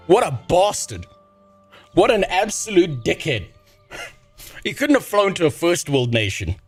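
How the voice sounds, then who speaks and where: A man's voice: high voice, big pitch swings, a little slow, long pauses, husky. A man ranting and joking with heavy swearing, as the host of a casual livestream, over faint music. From South Africa. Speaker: streamer.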